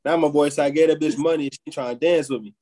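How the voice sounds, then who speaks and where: A man bantering on a podcast with teasing, quick comebacks. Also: fairly high pitch, steady tone, mellow. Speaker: podcast co-host. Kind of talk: casual banter.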